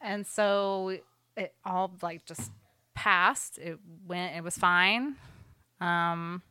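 Chatty young woman, bright dry voice. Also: on the low side, fairly even intonation, extremely slow, smooth, dry recording. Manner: chatty storytelling with many "like"s. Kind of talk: casual chat.

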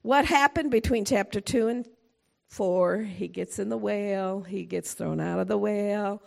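A middle-aged woman preaching a sermon in an animated way, acting out quotes and laughing often. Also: mid-range voice, a little slow, gravelly.

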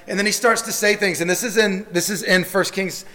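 High-voiced male pastor in an echoing hall. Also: fairly even intonation, a little fast, bright, forceful tone. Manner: earnest, repeats words when starting phrases. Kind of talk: sermon. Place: church sanctuary. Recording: long reverb of a church hall.

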